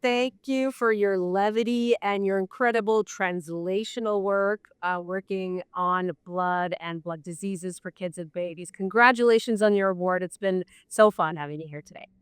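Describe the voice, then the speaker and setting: A woman hosts an interview, warmly complimentary and upbeat as she sets up her questions. Her voice is exceptionally clean and resonant. The recording is dry, with no room sound. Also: medium pitch, normal speed, few pauses, smooth, dry recording. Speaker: interviewer host.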